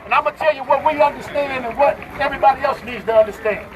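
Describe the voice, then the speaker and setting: A man's voice: extremely high pitch, quick pace, rough recording. A man, giving a rally speech at an outdoor protest in call-and-response style. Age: 50s. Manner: preaching call-and-response, shouting to a crowd. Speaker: protest speaker. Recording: loud crowd around the speaker. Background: crowd responding.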